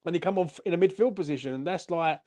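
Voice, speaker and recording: A man's voice: a little high, very fast, dark tone. A young man, hosting a fan channel's post-match live stream and ranting furiously, with lots of swearing.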